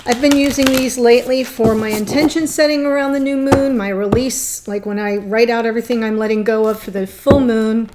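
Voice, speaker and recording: A woman giving a gushing, excitable tarot reading, choked up and near tears. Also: fairly high pitch, a little fast, hardly any pauses, very noisy. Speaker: tarot reader.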